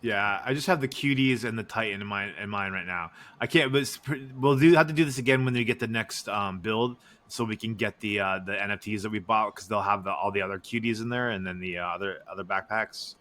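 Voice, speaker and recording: A man's voice: lowish voice, a little fast, few pauses, a bit bright. A man hosting a casual gaming podcast, chatting in a joking, loose way with lots of restarts. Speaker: podcast host.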